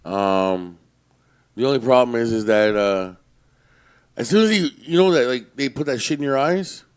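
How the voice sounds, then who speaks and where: A man's voice: medium pitch, normal speed, clean tone. A man co-hosting a podcast in casual chat, telling stories with plenty of swearing and acting out both sides of a conversation. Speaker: podcast co-host.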